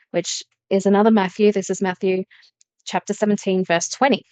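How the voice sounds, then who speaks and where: A woman's voice: mid-range voice, flat delivery, a little fast, darkish tone, no echo. A woman giving a spiritual tarot reading to her viewers, talking earnestly and with emphasis, often repeating phrases. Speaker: tarot reader.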